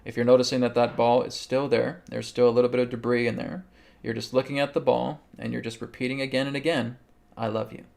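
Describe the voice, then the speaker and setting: A man hosting a live show, calmly guiding a healing meditation and answering viewers' questions, often checking in with "okay". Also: medium pitch, quick pace, gravelly, few pauses. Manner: calm, instructive, repeats okay. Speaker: host and spiritual healer.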